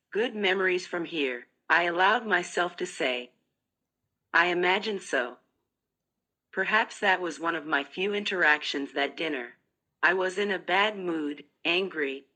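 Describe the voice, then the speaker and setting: A woman narrating a first-person audiobook in a measured, even reading. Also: low-pitched.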